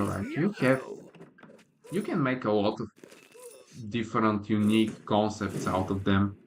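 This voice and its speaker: Low-voiced laid-back male streamer. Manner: laid-back, opinionated, many "like" and "I mean" fillers. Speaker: gaming livestreamer. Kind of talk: casual livestream commentary while playing.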